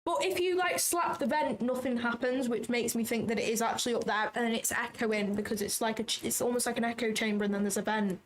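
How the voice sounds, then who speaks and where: A woman's voice: a little high, slight background noise. A woman with a Manchester-area accent hosting a trading livestream, chatting and teasing casually. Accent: Manchester area, Northern English. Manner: chatty, teasing, quick to laugh.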